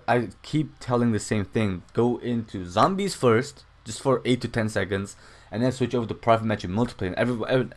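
A young man casually talking through a game tutorial at home, rambling and swearing often. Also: on the low side. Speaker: gaming channel host. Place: home room.

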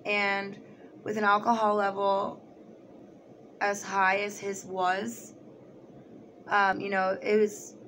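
A young woman tells a personal story straight to the camera in a loose, casual way. She is animated, swears freely and slips into other people's voices as she recounts what they said. Faint background noise sits under her voice. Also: mid-range voice, takes it slowly, pauses often. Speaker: vlogger.

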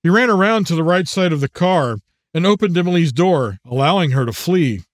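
Author-narrator, male, slightly high voice, measured audiobook read, dry booth. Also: no room sound. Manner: measured, even storytelling.

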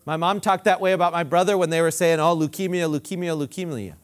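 A male pastor preaches fast, leading his listeners in call-and-response. His volume swings widely, from loud emphatic pronouncements to hushed, low-voiced asides.

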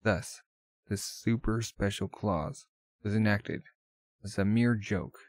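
A man's voice: on the low side, steady tone, takes it slowly, no room sound. A man narrating a manga aloud in a plain, offhand way, with casual asides. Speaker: manga reader.

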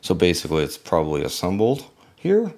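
A man's voice: low voice, huge pitch swings, fairly quick, darkish tone. A man casually unboxing and reviewing a knife, musing to himself as he handles it.

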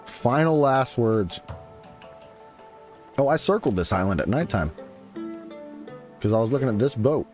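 A man's voice: medium pitch, animated, measured pace, long pauses, darkish tone, faint music behind. A man giving casual live commentary as he plays a survival game, chatting along and teasing the creatures on screen. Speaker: gaming streamer.

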